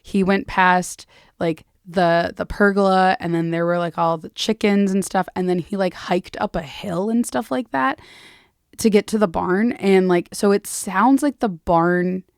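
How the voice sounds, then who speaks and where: A woman co-hosting a podcast, recapping a novel in casual chat and lively acting out the characters' lines. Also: fairly low pitch, a little slow, smooth, no room sound, clean studio sound. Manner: animated storytelling, acts out characters' lines, swears, laughs. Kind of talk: casual book-club chat.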